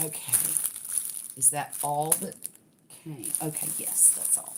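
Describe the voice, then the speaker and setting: A woman's voice: sits low, steady tone, slow pace, pauses often, noisy background. An older woman, chatting casually to livestream viewers while unboxing a craft kit.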